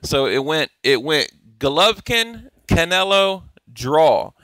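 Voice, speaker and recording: A man's voice: fairly high pitch, very animated, takes it slowly, bright, forceful tone, no room sound. A man hosting a casual boxing commentary, talking over clips in a rambling, profane, opinionated way with frequent restarts. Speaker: boxing channel host.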